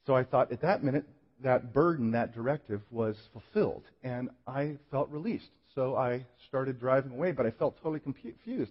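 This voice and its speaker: A man's voice: mid-range voice, expressive, a little fast. A man preaching as a pastor, telling a personal story in an earnest, self-deprecating way with frequent restarts. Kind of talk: sermon storytelling. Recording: echoey hall, muffled sound.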